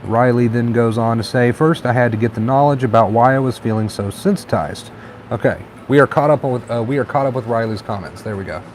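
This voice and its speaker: A man hosting a casual live stream, chatting in a relaxed, encouraging way and reading viewer comments aloud. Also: mid-range voice, fairly quick, slight background noise. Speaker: livestream host.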